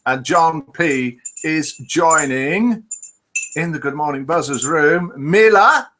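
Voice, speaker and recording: A man hosting a casual live online show, talking chattily as he reads out scores and greets viewers. His voice is slightly high for a man and sounds bright. His pitch moves up and down a lot as he talks. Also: animated, takes it slowly, slight background noise.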